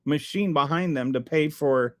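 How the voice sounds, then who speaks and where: High-voiced male streamer, sarcastic, rambling political commentary. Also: moderate pace, fairly bright tone. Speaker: livestream host reading chat.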